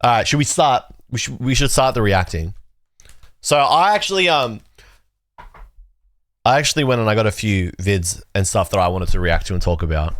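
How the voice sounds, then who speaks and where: A man hosting a livestream, chatting casually with his viewers in a rambling, excitable way and swearing freely. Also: on the low side, no room sound, studio quality. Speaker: livestream host. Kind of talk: casual chat reacting to chat.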